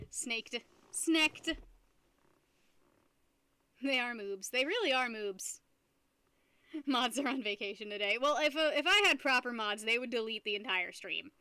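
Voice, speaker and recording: A woman's voice: fairly high pitch, normal speed, pushed and bright, clear, resonant tone, dry recording. A young woman streamer chatting casually with her viewers, playful and giggly, often laughing at herself. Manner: playful, giggly, self-mocking. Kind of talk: casual live-stream chat.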